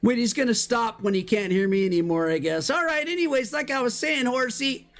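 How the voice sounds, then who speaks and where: A streamer chatting live over gameplay in slangy, excitable talk that breaks into high shouts and exclamations. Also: brisk. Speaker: Minecraft streamer.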